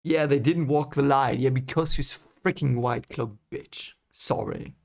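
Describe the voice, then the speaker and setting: A man's voice: mid-range voice, measured pace, vocal fry, a little mellow. A man who is reading a book for the first time and reacting with strong emotion. He swears and then apologizes. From Germany. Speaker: channel host reading a book aloud.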